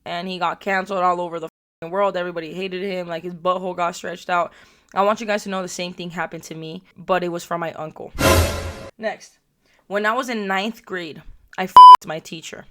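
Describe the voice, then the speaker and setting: Young female vlogger, profane comic storyteller, brash delivery with loud spikes. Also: lowish voice, steady tone, brisk, background noise. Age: young adult. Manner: brash, profane, loud bursts and put-on mocking quotes. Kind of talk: crude comedic storytelling.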